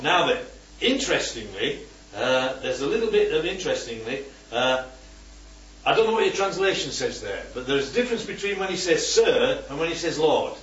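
Animated man leading a Bible study. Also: medium pitch, normal speed. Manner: keeps checking in with "right?" and "yeah?"; asks the group questions. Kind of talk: teaching a group discussion. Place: room with a small group. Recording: roomy, distant, dull-sounding recording.

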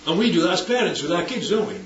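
Lively man leading Bible study. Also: high-pitched, very fast, a little hiss or hum. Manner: animated, asks for agreement often. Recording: roomy, distant, dull recording with faint background ambience.

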